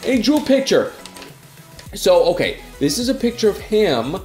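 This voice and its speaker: A young man vlogging about his fan mail with a stuffy nose from a cold, gushing with excitement. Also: high voice, a little slow, echoey room, soft background music. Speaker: YouTuber. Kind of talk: casual vlog reading fan mail.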